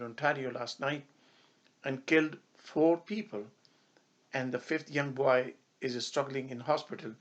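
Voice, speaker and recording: A Canadian man speaking as an imam gives a public statement, mixing impassioned emphasis that rises to anger with stretches of solemn prayer. His voice is mid-range and a bit bright.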